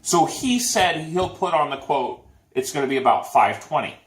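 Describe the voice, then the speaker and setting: A man co-hosting a casual chat show, telling a story with lively acted-out quotes. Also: on the high side, moderate pace. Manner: animated storytelling, acts out quotes. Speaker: podcast co-host. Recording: echoey room.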